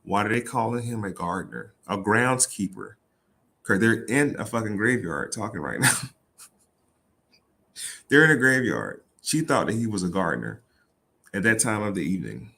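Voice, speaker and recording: A man's voice: lowish voice, lively intonation, moderate pace, gravelly, long pauses, bright, forceful tone. A man reading a Bible passage aloud and riffing on it in casual, irreverent talk, swearing and laughing. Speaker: host.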